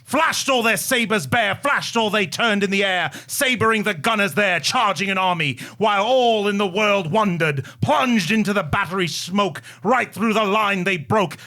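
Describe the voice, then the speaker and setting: A man co-hosting a casual history podcast, explaining events in quick bursts. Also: high-pitched. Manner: explains events quickly, then recites a poem loudly. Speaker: podcast co-host.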